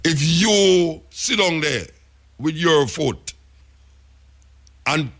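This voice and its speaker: A Jamaican radio talk show host arguing with a caller and scolding him. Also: male voice, a little high, lively intonation, very slow, a bit bright. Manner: exasperated, scolding, interrupting. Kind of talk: call-in radio chat.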